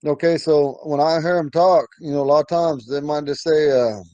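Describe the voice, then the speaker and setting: A middle-aged man with a slightly high voice leads a casual language class. He talks in loose, rambling stories and breaks into chuckles as he goes. The sound is dry and close. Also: steady tone, moderate pace, warm tone, dry recording, lo-fi sound. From Ponca community, Nebraska. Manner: rambling storytelling, chuckles often. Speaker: language teacher. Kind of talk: informal language lesson.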